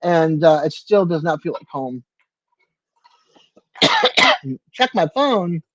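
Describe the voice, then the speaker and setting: A man's voice: a little high, animated, slow, pauses often, dry recording, highs cut off. An older man hosting a casual livestream from his apartment, answering viewers by name in a chatty way. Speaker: livestream host.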